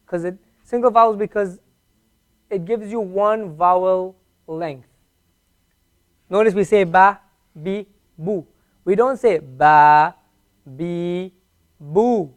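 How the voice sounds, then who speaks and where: A man teaching a beginner Arabic class at a whiteboard, patiently repeating each sound slowly for his learners. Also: high voice.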